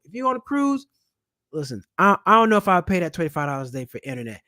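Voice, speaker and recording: Guy w a high voice talking money tips, blunt, cusses, repeats himself, dead dry room. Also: very animated, fast talker, pushed and bright, dry recording. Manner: blunt, swears, repeats points for emphasis. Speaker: personal finance YouTuber. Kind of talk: casual direct-to-camera advice.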